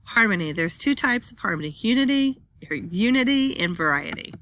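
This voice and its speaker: A woman teaching a design class in a bright voice. She reads each slide aloud, then explains it in plain words while pointing at details in the pictures. Her pitch sits in an ordinary middle range. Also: expressive, normal speed, a little hiss or hum.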